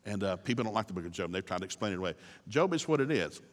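A man's voice: deep voice, lively intonation, very fast, in a large hall. A man preaching as a guest speaker, telling the story with folksy humor. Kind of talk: sermon.

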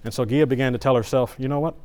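At an ordinary pitch, a middle-aged man preaches in church, telling a personal anecdote animatedly and conversationally while repeatedly restarting sentences. His delivery races along.

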